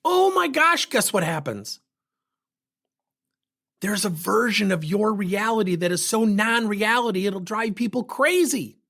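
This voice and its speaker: A middle-aged man telling workplace stories and acting out both sides of the conversations in an animated way. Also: high voice, a little slow, vocal fry. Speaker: host. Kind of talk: storytelling talk on communication.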